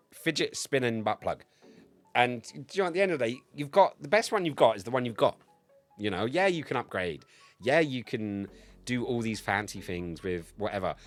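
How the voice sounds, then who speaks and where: A man in his thirties chatting casually on a game livestream, rambling, crude and joking. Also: mid-range voice. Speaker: game streamer.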